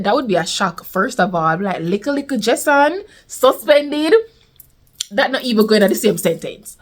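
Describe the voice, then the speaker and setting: A young woman with a Jamaican accent telling a storytime vlog in a lively way, slipping into patois. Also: fairly high pitch, moderate pace. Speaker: vlogger. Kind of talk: casual storytime.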